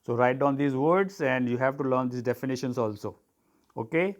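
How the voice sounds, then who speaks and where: A man's voice: medium pitch, normal speed. A man teaching an online biology lesson, dictating terms for students to write down and spelling them out.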